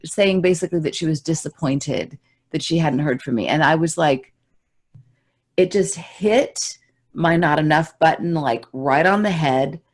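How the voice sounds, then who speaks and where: A woman's voice: sits low, unhurried. A woman co-hosting a podcast in casual, reflective chat, acting out her own reactions in quoted voices. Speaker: podcast co-host.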